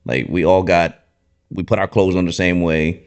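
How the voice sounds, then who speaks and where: A man hosting a podcast in a relaxed, casual way, often affirming his guest with "mm-hmm" and "super dope". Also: deep voice, moderate pace, smooth. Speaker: podcast host.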